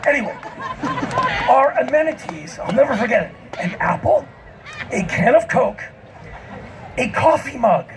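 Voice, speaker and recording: A man performing live comic storytelling on an outdoor festival stage, animated and self-mocking, often shouting. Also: very high voice, unhurried, long pauses, some chatter behind, slight background noise. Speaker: spoken-word performer.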